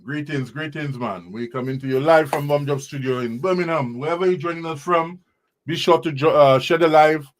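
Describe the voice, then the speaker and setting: A man's voice: a little high, fairly even intonation, a little fast, a little hiss or hum. A man hosting a live music show from a studio, hyping the artists and laughing often. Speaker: show host.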